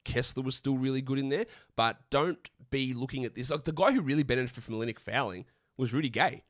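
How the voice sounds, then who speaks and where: An Australian man co-hosting a live stream, answering viewer questions in a blunt, opinionated, rapid-fire way. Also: medium pitch, no echo, studio quality. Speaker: podcast co-host.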